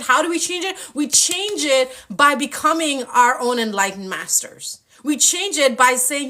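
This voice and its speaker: A woman's voice: sits high, expressive, moderate pace, hardly any pauses, sharp tone. A young adult woman hosting a spiritual live stream with tarot readings, talking passionately and casually, swearing often and acting out playful impressions.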